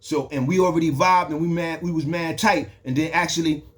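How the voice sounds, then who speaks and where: A young man spins a street story in loose, slangy talk that circles back and restarts often. His voice sits a little high for a man. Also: steady tone, brisk. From the Bronx, New York.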